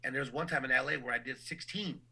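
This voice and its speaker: A man's voice: mid-range voice, fast, creaky, sharp tone, slightly rough, poor audio. A man who works as a boxing ring announcer, talking casually and animatedly in an interview, often repeating words as he starts a thought.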